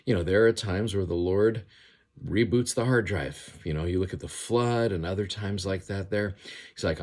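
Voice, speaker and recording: A man's voice: deep voice, moderate pace. A man giving an earnest devotional scripture commentary, reading verses aloud and explaining them in a casual, heartfelt way. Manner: earnest, reads verses aloud with rising emphasis. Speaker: scripture teacher.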